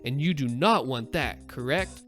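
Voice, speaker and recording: A man's voice: mid-range voice, expressive, measured pace, a bit bright, faint music behind, pitched below the performer's own voice. A man voicing a sly male call center agent who speaks with overly courteous, formal phrasing. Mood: mock polite.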